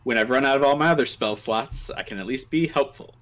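Chill podcast dude talking game spells, jokey, lots of uhs. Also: male voice, mid-range voice, fairly quick. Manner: relaxed, joking, with many fillers. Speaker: podcast co-host. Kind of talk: casual chat about tabletop game spells.

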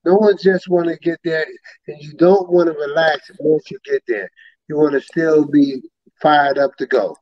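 A middle-aged man from New York, a host and former champion, giving slow, repetitive advice in casual talk. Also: fairly high pitch, no room sound. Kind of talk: casual podcast interview. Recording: dull, dry lo-fi sound.

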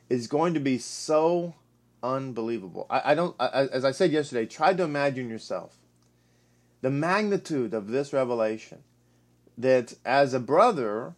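A man giving an emphatic, animated Bible teaching, often repeating himself for stress. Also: mid-range voice. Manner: emphatic, repetitive, animated delivery.

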